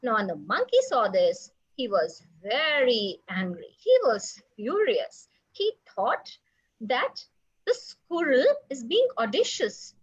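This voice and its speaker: A woman storyteller telling a children's story, animated and asking the children questions. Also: a little high, takes it slowly, husky, lo-fi sound.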